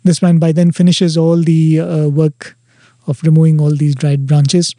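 A man's voice: a little high, little pitch movement, measured pace, warm tone, dry recording. A man earnestly telling a devotional story, quoting dialogue along the way. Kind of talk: devotional anecdote.

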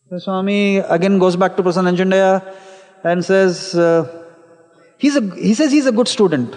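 A man in middle age, a teacher by trade, recounts a personal story with earnest, self-deprecating candor. His voice sits notably high. A long hall reverb trails his words. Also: normal speed, darkish tone.

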